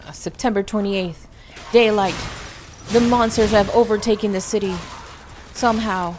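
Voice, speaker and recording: Vtuber girl, chatty and playful, mid pitch, faint noise behind. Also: fairly even intonation, moderate pace, darkish tone. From United States. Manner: playful, chatty, reads and answers chat. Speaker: VTuber streamer. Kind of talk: casual gameplay stream chat.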